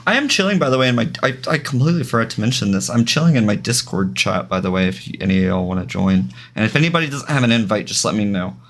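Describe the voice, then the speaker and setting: Gravelly low-voiced man chatting on stream. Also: animated, fast talker, few pauses, fairly bright tone. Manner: rambling, restarts sentences, chats to viewers. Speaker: game streamer. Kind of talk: casual live-stream chat while gaming.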